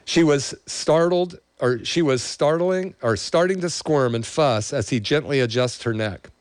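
A man's voice: fairly high pitch, measured pace, dry recording, studio quality. Emotional man reading a testimonial. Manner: emotional, choking up while reading; enthusiastic, promoting his practice. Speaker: chiropractor. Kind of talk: reading a patient testimonial aloud and chatting.

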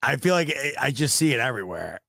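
A man's voice: mid-range voice, very animated, quick pace, creaky, bright, forceful tone, dry recording, studio quality. A man hosting a casual sports podcast, rambling in a frustrated, self-deprecating way and swearing now and then. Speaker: podcast host.

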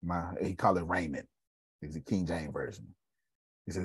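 A man hosting a live video show, talking casually with animated, preachy energy. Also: low-pitched, normal speed, husky, no echo, studio quality. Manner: animated and preachy, with Southern Black American slang. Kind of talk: casual live-stream talk.

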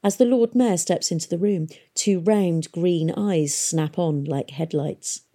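A woman narrating an audiobook in a steady, expressive storytelling manner. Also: lowish voice, unhurried.

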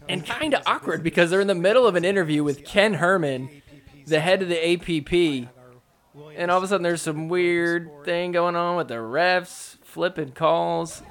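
A man's voice: sits high, a bit bright. A man hosting a podcast, giving a casual play-by-play recap of match footage in a chatty way. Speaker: podcast host. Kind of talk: casual sports recap commentary.

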